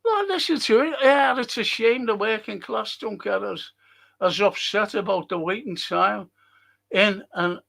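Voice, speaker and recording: A man hosts a fan live stream, reading his chat and ranting at it in anger, swearing heavily and picking fights. His voice sits high and creaky, with a sharp tone and a measured pace.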